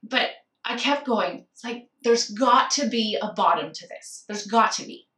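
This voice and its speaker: A woman's voice: on the high side, a little slow, bright, forceful tone, echoey room, distant mic. A woman candidly telling a personal story of grief, reflective and at times tearful. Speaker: guest sharing a personal story.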